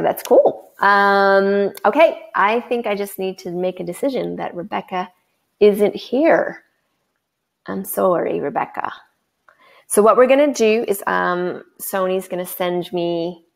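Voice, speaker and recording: Woman coach wrapping up a webinar, bubbly and gushing, bit of vocal fry. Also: mid-range voice. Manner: effusive, bubbly, breathless excitement. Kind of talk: live webinar wrap-up.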